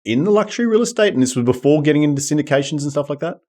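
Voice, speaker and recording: A man's voice: fairly high pitch, lively intonation, rapid-fire, a little mellow. A man with an Australian accent hosting an interview podcast in an upbeat, chatty way. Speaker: podcast host. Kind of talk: casual interview.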